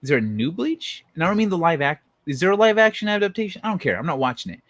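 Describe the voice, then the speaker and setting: A man's voice: a little high, big pitch swings, fast, a bit bright, no room sound. A man live-streaming, chatting casually with viewers and telling stories in a rambling, profane way.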